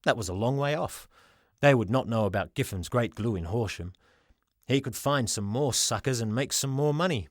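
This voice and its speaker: A man reading a children's storybook aloud as the narrator, in an expressive way. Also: mid-range voice, no room sound, clean studio sound. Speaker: audiobook reader.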